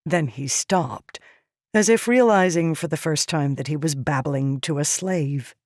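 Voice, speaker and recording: A woman narrating a novel in an unhurried, measured way, her voice on the low side. The recording is dry and close with no room sound. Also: a little mellow, no room sound. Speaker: audiobook narrator. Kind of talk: scripted narration.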